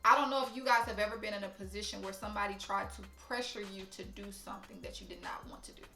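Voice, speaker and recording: A young woman telling a story to camera, blunt, profane and animated. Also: medium pitch, fast talker, reverberant, soft background music. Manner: blunt, profane, animated, talks straight to viewers. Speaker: storytime vlogger.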